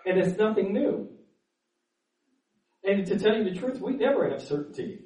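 A man's voice: sits high, animated, normal speed, mellow. A man preaching a sermon as pastor, earnest, stumbling over repeated words and then building up with fervor. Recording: echoey room, mic at a distance.

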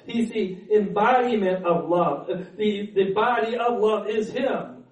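A man's voice: high voice, takes it slowly, few pauses, dull audio. A man preaching a sermon as pastor, earnest, stumbling over repeated words and then building up with fervor. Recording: echoey room, mic at a distance.

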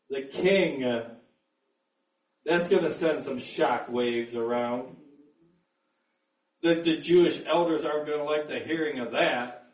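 A man's voice: high-pitched, a little slow, roomy sound, far from the mic, rough recording. A man preaching a sermon in an earnest manner, repeating words as he builds to emphatic peaks. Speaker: pastor.

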